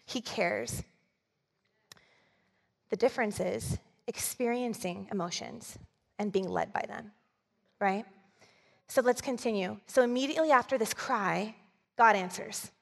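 A woman's voice: medium pitch, unhurried, creaky, long pauses, in a large hall. A woman preacher giving a sermon in a church, conversational and often asking the audience to agree with her. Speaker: communications director, preacher.

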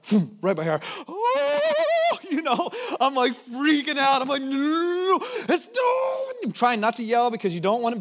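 A man in his thirties preaching a sermon as pastor, animated and storytelling, often dropping to a soft low tone for emphasis.

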